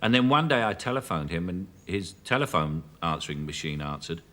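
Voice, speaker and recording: Cockney male actor, 50s, chat show guest; low pitch, bright edgy tone, anecdotal and chuckling. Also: expressive. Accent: Cockney London. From South London, England. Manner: anecdotal, chuckling, halting restarts. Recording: 1980s television studio broadcast.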